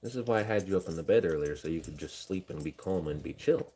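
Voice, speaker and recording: A young man from Indiana streams live, talking quickly in a low, warm voice with a breathy edge. His casual rambling is full of jokes about himself, aimed at both his viewers and his dog.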